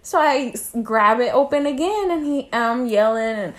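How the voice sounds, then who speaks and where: A young woman co-hosting a podcast, telling a story in casual, profane chat and acting out the quotes loudly. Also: a little high, lively intonation, normal speed. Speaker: podcast co-host.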